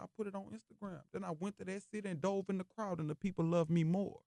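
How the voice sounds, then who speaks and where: A man's voice: high-pitched, steady tone, quick pace, gravelly, warm tone, no room sound, studio quality. A man, a rapper being interviewed on the radio, talking in an emphatic, philosophical way and repeating himself for stress. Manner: emphatic, philosophical, repeats phrases like "you hear me". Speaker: rapper guest. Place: radio studio. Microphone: studio microphone.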